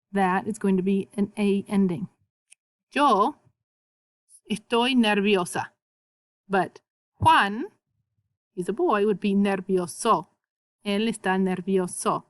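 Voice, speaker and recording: A woman teaching a recorded video lesson as a Spanish teacher, patiently repeating words slowly so learners can copy the pronunciation. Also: medium pitch, no room sound.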